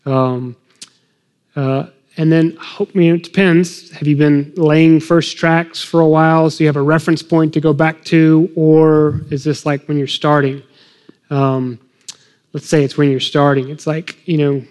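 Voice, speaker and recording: A man's voice: on the high side, level tone, a little slow, a little mellow, clean tone, big-room sound. A middle-aged man talking earnestly about parenting and faith, acting out short conversations with a child. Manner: earnest, emotional, acts out parent-child dialogue. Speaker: guest speaker on parenting.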